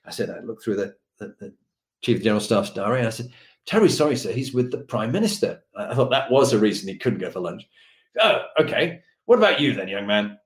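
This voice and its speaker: A man's voice: lowish voice, fast talker, a little mellow, echoey room. A man telling an anecdote from his army days, acting out the dialogue with different voices and laughing as he goes. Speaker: storyteller recalling army days.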